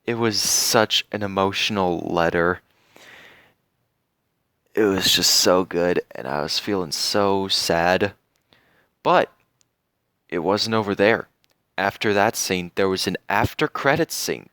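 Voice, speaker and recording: A young man giving a casual spoken review of a TV series, earnest and heartfelt, pausing often with fillers. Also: deep voice, a bit bright, dry recording, clean studio sound. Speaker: TV show reviewer.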